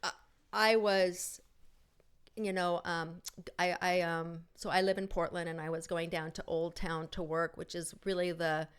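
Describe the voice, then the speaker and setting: A woman's voice: lowish voice, level tone, a little slow, clean tone. A middle-aged woman co-hosting a casual chat and telling a story with many fillers and restarts. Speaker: podcast co-host.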